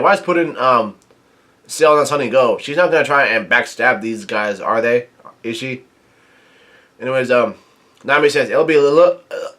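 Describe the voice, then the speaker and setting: Here a middle-pitched manga reviewer works through a comic chapter, recapping and commenting while reading haltingly. Any dialogue he quotes comes out flat, with no acting.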